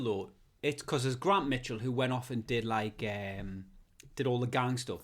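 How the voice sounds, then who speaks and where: A man's voice: mid-range voice, normal speed. A man, co-hosting a casual comedy podcast, rambling and swearing through his rants. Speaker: podcast co-host.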